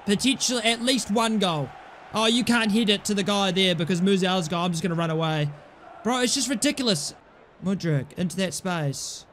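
A man's voice: high-pitched, normal speed, fairly bright tone, slight background noise. A young man playing a football video game and commentating, frustrated and swearing at his players. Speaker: gaming YouTuber.

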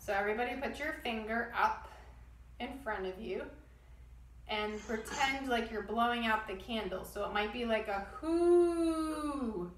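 A woman guiding a children's yoga class, giving gentle step-by-step instructions and demonstrating breath sounds. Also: a little high, normal speed, reverberant, recorded from a distance, slight background noise, poor audio. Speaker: kids yoga teacher.

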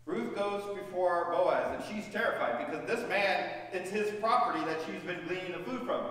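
High-voiced pastor in an echoey church. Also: male voice, normal speed, a bit bright. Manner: storytelling, questions to the congregation. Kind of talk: sermon. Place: church sanctuary. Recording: echoey church hall, voice from far off.

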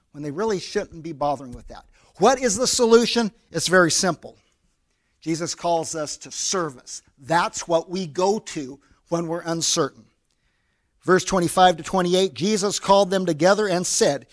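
A man with an American accent, a pastor preaching a sermon in a conversational way and acting out little scenes in quoted voices. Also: high voice.

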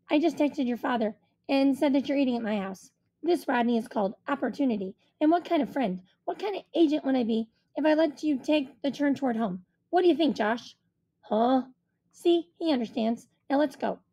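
A woman's voice: high-pitched, animated, normal speed, dark tone, highs cut off, voice pushed up. A woman voicing a self-assured schoolboy who talks like a business agent, with eager salesman patter, in a storybook reading. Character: confident fast-talking schoolboy who acts like an agent.

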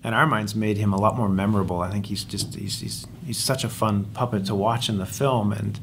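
A man, a film director, chatting casually in an interview, relaxed and enthusiastic, often restarting his sentences. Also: on the low side, brisk, slight background noise. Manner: relaxed, enthusiastic, repeats words when starting sentences.

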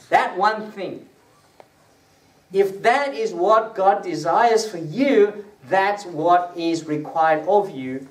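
A man preaching a teaching sermon to a small group in a conversational way. He quizzes his listeners and lifts his voice when he quotes scripture. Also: high voice. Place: prayer gathering room. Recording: echoey room, distant mic, faint hiss.

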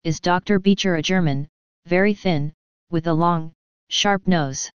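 A woman's voice: on the low side, unhurried, clean tone, no room sound, highs cut off, close to an everyday voice. A woman voicing an anxious young male engineer who speaks eagerly and urgently.

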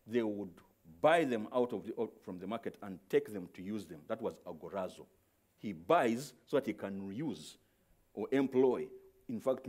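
A man preaching a sermon as pastor, moving from soft, low explaining to loud, stretched-out cries, and often repeating words as he searches for the next one. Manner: swings from quiet explaining to shouted, drawn-out exclamations.

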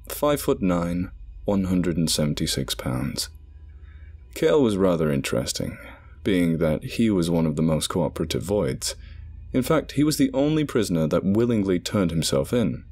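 A man narrating a scripted horror story in a measured, dramatic way. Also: low-pitched, a little mellow, slightly rough. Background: background music.

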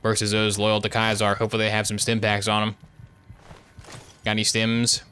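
Bright-voiced joking gaming streamer man. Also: on the low side, completely flat delivery, fairly quick, clear, resonant tone. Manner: joking, playful banter at the game. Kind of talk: live gameplay commentary.

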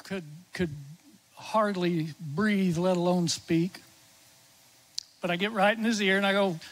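High-voiced preacher man telling a story. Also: a little slow, pauses often, poor audio. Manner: tells the story warmly, drops to a near-whisper when quoting the dying man. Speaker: chaplain and preacher. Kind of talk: sermon storytelling. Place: church sanctuary.

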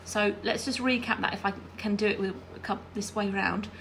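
A woman's voice: mid-range voice, fairly even intonation, fairly quick, gravelly, a bit bright, slight background noise. A woman giving a chatty hands-on quilting tutorial while she irons and sews, often checking in with her viewers. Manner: chatty, checks in with "all right?". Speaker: quilting teacher.

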